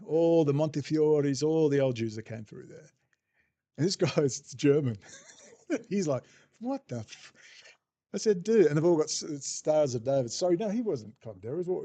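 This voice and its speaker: A man's voice: a little high, mellow. A man hosting a casual livestream, rambling off the cuff, swearing freely and answering viewer chat as he goes. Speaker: livestream host.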